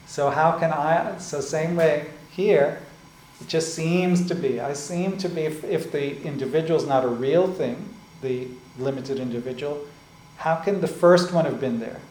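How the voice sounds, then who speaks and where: A man giving a spiritual discourse as a teacher. He explains slowly and often checks in with "right?" and "like this". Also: fairly high pitch, darkish tone. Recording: echoey room with faint ambient noise.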